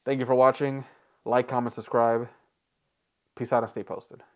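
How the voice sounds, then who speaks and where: A man's voice: medium pitch, little pitch movement, moderate pace, a little mellow. A man hosting a reaction video, chatting casually, rambling and joking with frequent laughs.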